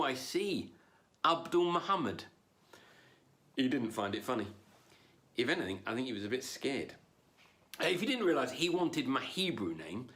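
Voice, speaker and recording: A man performing a stand-up comedy routine online, jumping between loud punchlines and low asides.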